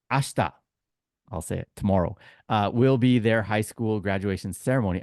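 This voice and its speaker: A man's voice: on the low side, a little mellow, no room sound, studio quality. A man with a Canadian accent co-hosting a podcast, chatty and joking, with firm opinions. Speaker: podcast co-host. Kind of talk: casual podcast chat.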